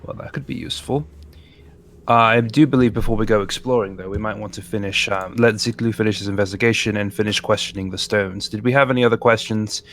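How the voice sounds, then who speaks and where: A man at a tabletop game talks in character with courteous, formal wording. He often pauses on fillers, and his voice sits a little low. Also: steady tone, fairly bright tone, slight background noise. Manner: polite, formal phrasing with hesitant fillers. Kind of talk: in-character role-play chat.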